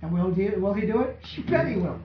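Preaching fast with a high voice and lively intonation, a man keeps asking his congregation questions that prompt replies in call-and-response style. The church hall recording is echoey, dull, and far off, with slight background noise.

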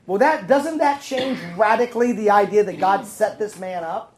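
A woman's voice: mid-range voice, normal speed, few pauses, slight background noise, rough recording. Woman teaching a Bible lesson to a room. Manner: conversational, asks the room questions. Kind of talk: sermon.

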